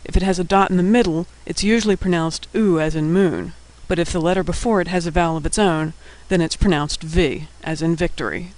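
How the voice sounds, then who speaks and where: A man giving a scripted lesson, naming each letter and explaining its sound in a patient, clear way. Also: a little high, fairly even intonation, a little fast, hardly any pauses, darkish tone, rough recording. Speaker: teacher. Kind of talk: scripted instructional narration.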